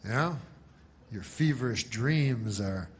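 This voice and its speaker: A man doing stand-up comedy, telling a long story in a deadpan, rambling way. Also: mid-range voice, takes it slowly, a little hiss or hum.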